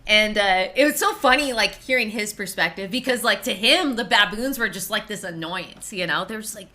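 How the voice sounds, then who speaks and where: A woman in her thirties, a streamer telling casual stories in an animated way, swearing and laughing often. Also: medium pitch, fairly quick. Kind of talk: casual storytelling.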